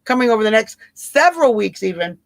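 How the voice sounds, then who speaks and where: A woman's voice: fairly high pitch, sing-song, fast, dry recording. A woman with a Southern twang hosting a live stream, chatting casually and answering viewers by name in an emphatic way. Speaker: livestream host.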